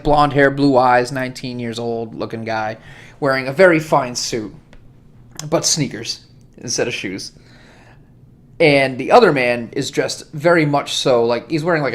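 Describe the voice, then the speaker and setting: A male game master narrates a tabletop role-playing scene in a casual, chatty voice with an ordinary mid pitch. He laughs easily and fills his speech with loose, offhand phrasing. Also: a bit bright.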